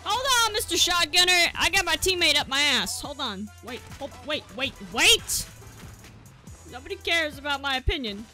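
A young adult woman streams gameplay with excitable, joking commentary, swinging between yelling and muttering. Her voice is high at normal speed, with faint game music in the background.

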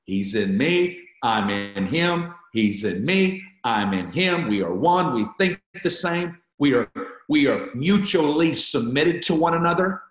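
A man teaches an online Bible study in a fervent, emphatic way, hammering home key phrases by saying them again and again. His voice sits a little high for a man. The sound is roomy, with a noticeable echo around him. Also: expressive, measured pace, faint music behind. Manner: talks to online viewers.

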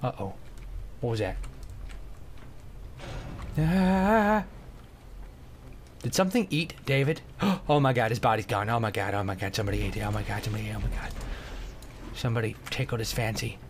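A young man commentating a video game as he plays, goofy and joking, bursting into shouts. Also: lowish voice, moderate pace, long pauses, slight background noise. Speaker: gameplay commentator. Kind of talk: let's play commentary.

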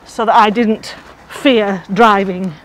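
A woman's voice: medium pitch, fairly even intonation, takes it slowly, low-quality recording. Woman co-host, homely storyteller, casual outdoor chat with faint background noise. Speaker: co-host of a walking podcast. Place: outdoors among palm trees.

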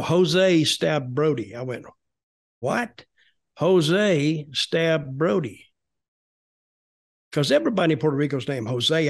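Older man telling a story, somewhat high voice. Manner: rambling, restarts, acts out quoted voices. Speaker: storytelling guest, former wrestler. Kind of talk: casual storytelling.

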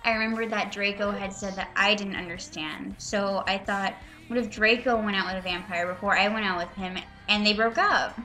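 A woman's voice: medium pitch, fairly even intonation, pushed and bright, faint music behind. A young woman giving a mocking, dramatic reading of fan fiction, with sarcastic asides. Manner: reads slowly, breaks into laughter and sarcastic asides. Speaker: reader and commentator.

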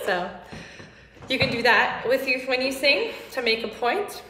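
A woman's voice: high voice, measured pace, sharp tone, reverberant, a little hiss or hum. A woman teaching a singing lesson, playful and laughing often as she explains and demonstrates. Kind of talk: music lesson.

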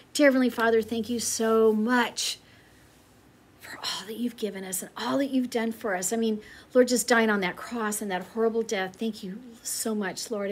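A middle-aged woman teaching a Bible lesson to children and praying in an earnest, tender way. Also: a little high. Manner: tender, earnest, turns to soft whispered prayer.

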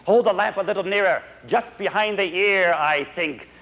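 A man's voice: high-pitched, normal speed, sharp tone. A man voicing a plain-spoken old farmer father, on a dull old recording. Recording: dull lo-fi 1980s stage recording.

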